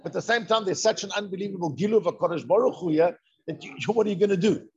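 A man giving a lively Torah lecture, firing rhetorical questions and answering them himself. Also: sits high, racing. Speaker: Torah teacher. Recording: dull lo-fi recording.

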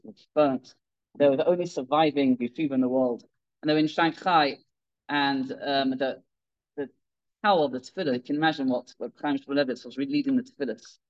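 Guy giving a torah talk, acts out the characters, kinda lo-fi recording. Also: a little high. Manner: animated, acts out quoted characters, many restarts. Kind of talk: sermon with storytelling.

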